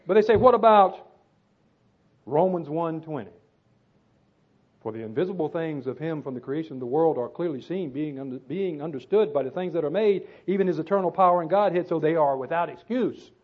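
A man's voice: fairly high pitch, brisk. A man preaching a sermon, reading scripture and repeating phrases for emphasis. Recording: tinny phone-like sound.

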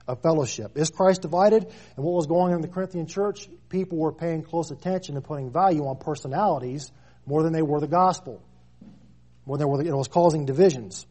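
Man, 30s, preacher, husky, mellow, emphatic repetition, sermon. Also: fairly high pitch, fast. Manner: preaching with rising emphatic stresses and repeated phrases.

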